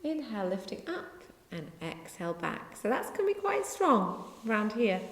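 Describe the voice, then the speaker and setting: A woman teaching a gentle beginner yoga class, giving chatty, rambling cues in an easygoing way. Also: mid-range voice, very animated, normal speed. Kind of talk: guided yoga instruction. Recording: echoey room with long reverb.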